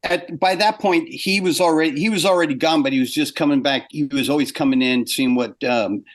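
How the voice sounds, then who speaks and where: A man's voice: on the high side, fairly quick. An older man, a former animator, telling a story in an interview, acting out what people said and laughing as he goes. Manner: animated, acts out quotes, laughs often.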